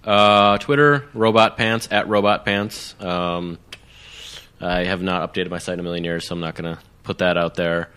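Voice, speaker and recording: Young dude on a podcast, low voice but really bright, rambles a lot. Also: male voice, normal speed, clean tone. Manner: rambling, excitable, lots of "like". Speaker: podcast guest. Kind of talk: casual chat.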